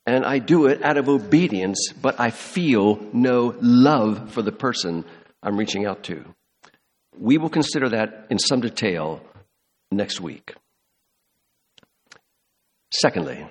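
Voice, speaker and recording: A man preaching a sermon, emphatic, slowing on key words and dropping soft at the ends of phrases. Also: medium pitch, long reverb tail. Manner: emphatic, slows for stress, drops soft at ends. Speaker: pastor.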